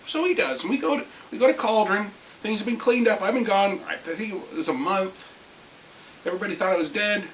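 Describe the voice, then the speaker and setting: Recovering from a cold and clearing his throat, a vlogger with a mid-range voice tells a brisk, lively, rambling story about a tabletop game in a casual rant. The recording is echoey, with the mic far off and a faint hiss.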